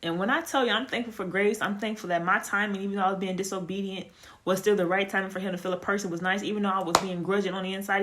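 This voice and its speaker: A woman giving a casual spoken testimony, telling her story in a chatty, animated way with lots of fillers. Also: mid-range voice. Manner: animated storytelling, acts out quoted dialogue; chatty with frequent fillers and restarts. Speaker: testimony speaker.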